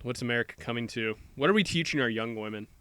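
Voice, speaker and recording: A man's voice: mid-range voice, fast, fairly bright tone, clean tone, no echo. A young man co-hosting a casual chat podcast, joking and laughing often. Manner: joking, laughs often, does silly voices. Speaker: podcast co-host.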